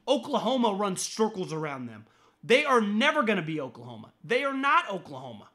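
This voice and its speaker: Blunt, high-voiced sports talk man. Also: sing-song, a little fast. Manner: blunt, profane, stammering restarts; mocks critics in a high shouting voice. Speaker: podcast host.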